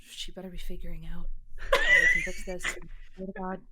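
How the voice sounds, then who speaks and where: A woman's voice: on the low side, steady tone, moderate pace, fairly bright tone, natural voice. A woman voicing an exasperated, muttering adventurer.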